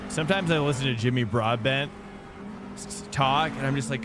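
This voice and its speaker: A man's voice: medium pitch, a little fast, noisy background. A young man streaming a sim race from home, chatting casually and laid-back, calling his viewers dude and boys. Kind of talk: casual chat while live-streaming a race.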